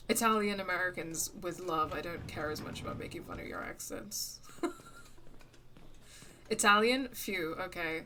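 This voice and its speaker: A woman's voice: on the low side, bright, forceful tone, a little hiss or hum. A woman streaming a video game live, chatting casually with viewers, laughing often and muttering at the game as she plays. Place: lives in the UK.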